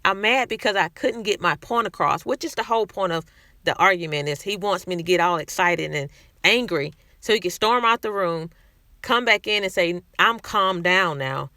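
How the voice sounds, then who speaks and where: Bright-voiced woman talking candidly. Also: medium pitch, moderate pace, dry recording, studio quality. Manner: candid, conversational, frequent restarts. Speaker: vlogger sharing personal experience. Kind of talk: casual talk to camera.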